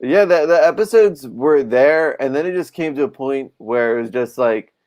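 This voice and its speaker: On a casual podcast, a male co-host rambles and pokes fun at himself in a self-deprecating way. His mid-range voice is a little mellow, with lively intonation and a moderate pace.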